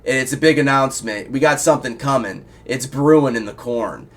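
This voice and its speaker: A man from Iowa hosting a casual interview show, rambling excitedly and swearing a lot. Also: medium pitch, brisk. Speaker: show host. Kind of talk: casual profane chat.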